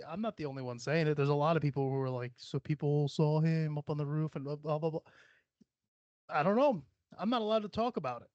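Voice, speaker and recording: A man's voice: fairly high pitch, no echo, lo-fi sound. A young adult man hosting a podcast, ranting casually with lots of swearing, rambling asides and self-mocking laughs. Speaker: podcast host. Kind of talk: casual solo podcast rant.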